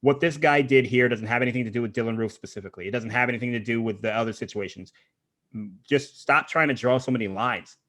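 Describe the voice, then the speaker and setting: A man's voice: mid-range voice, a bit bright. A man hosting a podcast, talking casually and laughing often. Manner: fast, chatty, laughs often. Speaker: podcast host.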